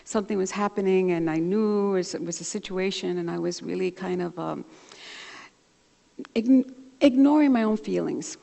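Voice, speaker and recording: A woman's voice: on the low side, moderate pace, creaky. A woman minister giving a sermon, telling a personal story and acting out both sides of a phone conversation. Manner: warm storytelling, animated when retelling a conversation. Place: church sanctuary. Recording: church livestream with long reverb.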